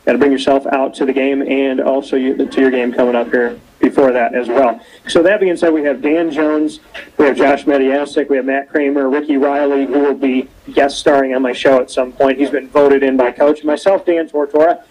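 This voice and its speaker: A young man hosting a casual interview show, telling stories with animated quoting. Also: mid-range voice, brisk, rough recording. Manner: lively storyteller, animated quoting. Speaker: show host. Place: cold rink-side spot, outdoors or arena.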